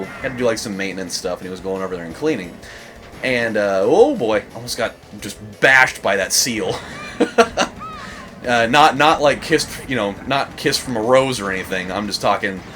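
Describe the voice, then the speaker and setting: A young man hosting a let's play, rambling through a story with frequent laughs and excited bursts at the game. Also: mid-range voice. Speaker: gaming channel host. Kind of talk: casual let's play commentary.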